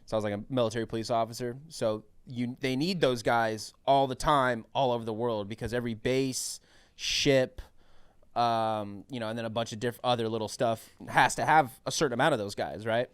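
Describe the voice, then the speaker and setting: Animated young man telling stories in casual chat. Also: medium pitch, a little fast, clear, resonant tone, no room sound. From New Mexico. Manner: animated, swearing, acts out other people's voices. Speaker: guest comedian. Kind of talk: casual podcast storytelling.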